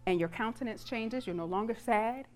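A woman preacher retelling a Bible story in a sermon, dramatic and lively with touches of humor. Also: a little high, moderate pace, slight background noise.

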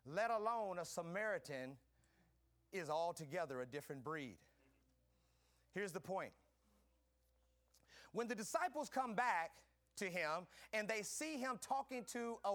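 A man preaching a sermon, calling out to his congregation and swinging between quiet teaching and shouting. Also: high voice. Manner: preaching with call-and-response, swinging from soft to shouting. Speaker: pastor.

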